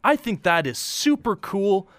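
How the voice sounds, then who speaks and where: A male radio co-host with a slightly raised voice and a very animated pitch. He banters with playful enthusiasm, recorded close and dry in the studio. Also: measured pace, dry recording. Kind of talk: casual radio talk.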